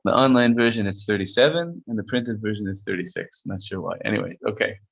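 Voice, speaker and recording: A man's voice: on the low side, quick pace, creaky, breathy edge, highs cut off. A man teaching a casual text-study class, reading Hebrew passages aloud and explaining them conversationally. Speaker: Torah teacher.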